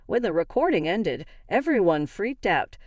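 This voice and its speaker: A woman's voice: medium pitch, moderate pace, no echo, studio quality. A woman narrating a dramatic first-person family story, reading every character's lines in much the same voice. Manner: reads all characters in an even narrating voice.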